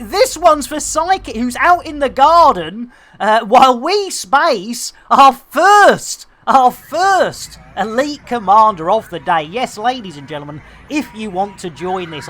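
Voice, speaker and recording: A man's voice: high voice, a bit bright. Jokey man streaming a game. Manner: jokey, full of innuendo and mock announcements. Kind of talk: live gameplay stream chat.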